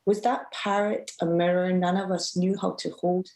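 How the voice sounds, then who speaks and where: A woman, a student poet, reading her poem aloud at a live event with a measured, emotive delivery. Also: fairly low pitch, little pitch movement, a little mellow, poor audio. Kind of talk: poetry reading.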